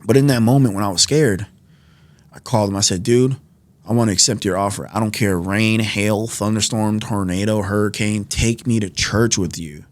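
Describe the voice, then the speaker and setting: A man's voice: on the low side, steady tone, normal speed. A man in his twenties from New York, a podcast guest telling his life story in casual conversation, acting out quoted dialogue with lots of fillers. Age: 20s. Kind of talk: personal testimony in casual conversation. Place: podcast studio.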